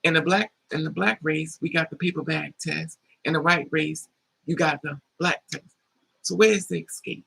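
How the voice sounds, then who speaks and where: A man with a very gravelly, husky voice tells a story straight to camera in a casual vlog. His tone is tense and forceful, and he sits a little higher than most men. He acts out everyone's lines as he goes and swears without holding back. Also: normal speed, poor audio. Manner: animated retelling that acts out quoted dialogue; blunt, swears freely. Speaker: vlogger.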